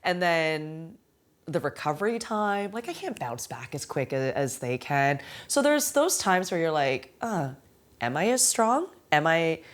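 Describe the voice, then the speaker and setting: Emotional, low-voiced woman in her forties. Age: 40s. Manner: emotional, laughing often, lots of "like" and "right?". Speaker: amateur Muay Thai fighter. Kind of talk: candid interview talk.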